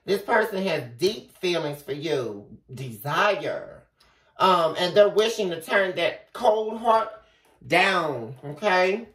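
A woman giving a casual tarot reading, talking straight to the viewer in an animated way and swearing freely. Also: fairly low pitch, slow. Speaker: tarot reader. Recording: echoey room from far off, faint noise.

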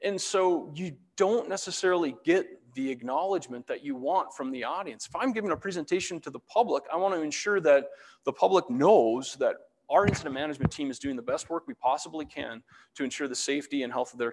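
A fairly high-voiced man presents his slides in a relaxed, chatty way and drops self-deprecating jokes as he goes. His voice rings with a long reverb, as if he is speaking in a large hall. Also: brisk, vocal fry. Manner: self-deprecating, joking asides. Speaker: fire meteorologist giving a public talk. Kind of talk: casual presentation walking through slides.

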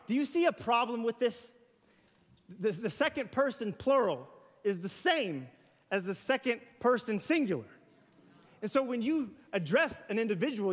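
A man preaches in a church, chatty and animated, tossing in playful asides. His voice sits high for a man. The sound rings with the long reverb of a large hall. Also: normal speed. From US South. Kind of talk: sermon. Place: church sanctuary.

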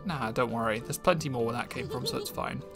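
A man's voice: medium pitch, brisk, creaky, music in the background, close to an everyday voice. A man voicing a cheerful, generous female worker in a game, breezy and carefree.

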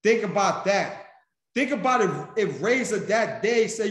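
A man's voice: sits high, expressive, unhurried. A man giving a motivational speech to his sales team, emphatic and preachy. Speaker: senior vice president and sales mentor. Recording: echoey room.

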